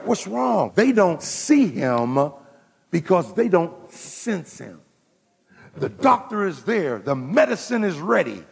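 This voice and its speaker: A man preaching a sermon as pastor, calling out to the congregation and swinging from loud to hushed. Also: high-pitched, sing-song, slow, gravelly, slightly rough, long reverb tail.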